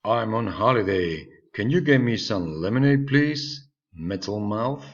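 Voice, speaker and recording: Man doing a bragging masked hero from a comic, low and lively, slightly dull recording. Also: a little slow. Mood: smug.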